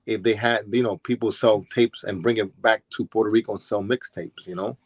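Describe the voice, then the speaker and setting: A man's voice: on the low side, fairly even intonation, fairly quick, breathy edge, no room sound. Storytelling Brooklyn man. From Brooklyn, New York. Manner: acts out quoted people with voice changes. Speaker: interview guest, former DJ and dancer. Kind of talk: casual storytelling.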